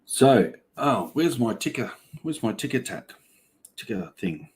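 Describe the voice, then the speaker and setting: A man's voice: mid-range voice, big pitch swings, a little slow, breathy edge. Australian man yarning on a livestream. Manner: chatty, yarning storyteller. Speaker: livestream host. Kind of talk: casual livestream chat reading comments.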